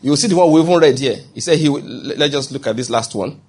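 A man's voice: mid-range voice, fast, darkish tone, breathy edge. A man preaching a sermon in a conversational way, acting out quoted voices and often checking that listeners follow. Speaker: pastor.

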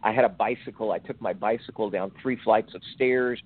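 A man in his sixties, a guest on a faith podcast, telling a personal story in a slow, reflective, halting way. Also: lowish voice. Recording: tinny phone-like audio.

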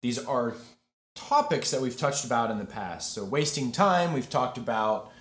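A man hosting a podcast in casual chat, talkative and quick to laugh. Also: mid-range voice, echoey room. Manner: chatty, laughs easily, lively delivery. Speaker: podcast host.

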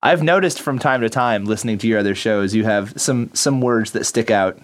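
A man's voice: on the low side, fairly quick. A man from upstate New York hosting a casual podcast, chatty and rambling, laughing easily. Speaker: podcast host.

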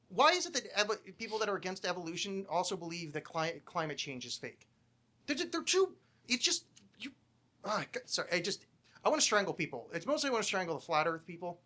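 A man hosting a podcast in a loose, profane rant, stopping and restarting his sentences. His voice sits a little high and sounds bright and forceful. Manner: profane ranting, swearing a lot, self-interrupting. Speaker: podcast host. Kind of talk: casual podcast chat.

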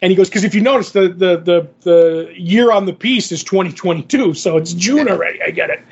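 A man's voice: sits high, a little fast, creaky, breathy edge. A man co-hosting a podcast, telling a long story casually and acting out the other people's lines in it. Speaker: podcast co-host. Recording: dull lo-fi podcast audio.

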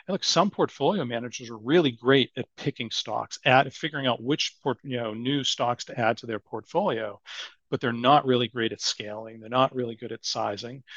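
A man's voice: mid-range voice, a bit bright, no room sound, muffled recording. A man with a Boston accent, a guest on a podcast interview, talking thoughtfully with many "you know" fillers. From Boston area. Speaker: guest, asset management strategist.

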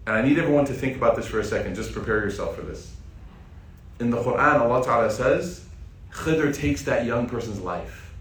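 Lively man preaching in an echoey hall. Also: mid-range voice, moderate pace. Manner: lively, conversational retelling addressed to the audience. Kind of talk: sermon storytelling. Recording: echoey room, distant mic.

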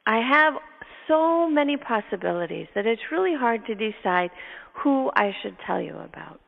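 A woman host telling a story from her work in a lively, animated way, now and then laughing and acting out her own thoughts. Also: fairly high pitch, normal speed, creaky. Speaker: neurotherapist and podcast host. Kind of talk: storytelling in casual chat. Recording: tinny phone-line sound with long reverb.

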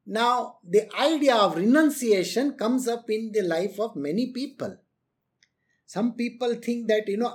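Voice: mid-range voice, big pitch swings, moderate pace. A spiritual teacher giving a lecture on renunciation, laughing often and acting out quotes.

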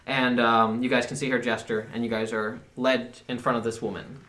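A man's voice: mid-range voice, little pitch movement, moderate pace, fairly bright tone. A man narrating a tabletop game as game master, hesitant with many fillers.

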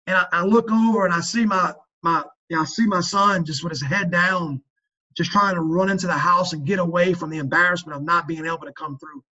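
The audio is dull, carrying a man's high-pitched, sharp voice that stays steady in tone and moves briskly. As a father sharing parenting advice on a faith-based podcast, he speaks earnestly about fathering, emphatic and preachy, often restarting what he says.

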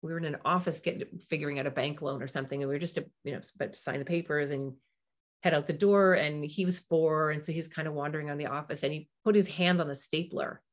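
A woman's voice: sits low, steady tone, fast. A middle-aged woman hosting a parenting podcast, talking through advice in a chatty way, with asides and little acted-out quotes. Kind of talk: casual advice talk.

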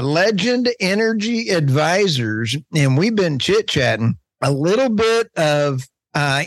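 A man's voice: on the high side, a bit bright, no room sound, clean studio sound. A man in his fifties with a Texas and Oklahoma accent, hosting a podcast in a jokey, self-deprecating, rambling way. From southern United States. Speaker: podcast host. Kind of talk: casual podcast chat.

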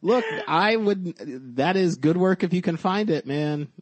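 A man hosting a podcast remotely, talking in a monotone, cursing casually and rambling with lots of fillers. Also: sits high, a little slow, a crowd in the background. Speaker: podcast host.

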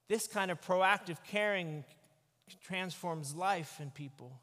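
A man, a pastor, giving an animated, conversational sermon into a microphone. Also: high voice, takes it slowly. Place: church sanctuary. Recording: echoey church hall.

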